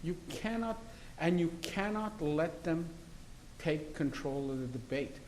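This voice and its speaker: A man's voice: fairly high pitch, animated, unhurried, a little mellow, a little hiss or hum, poor audio. A man, a criminal defence lawyer, talking in an interview in an assertive, argumentative and emphatic way. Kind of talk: interview conversation.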